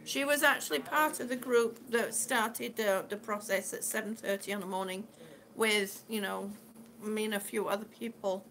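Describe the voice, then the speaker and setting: A woman's voice: medium pitch, steady tone, moderate pace, fairly bright tone. A middle-aged woman chatting casually on her live stream, rambling and answering viewers' comments as she goes. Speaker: vlogger living with lung disease.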